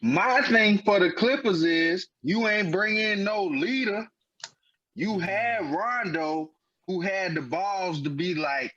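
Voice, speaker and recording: A man's voice: sits high, takes it slowly. A man co-hosting a sports podcast, arguing emphatically in casual slang. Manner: animated, emphatic, heavy slang. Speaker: podcast co-host. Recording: dull lo-fi podcast audio.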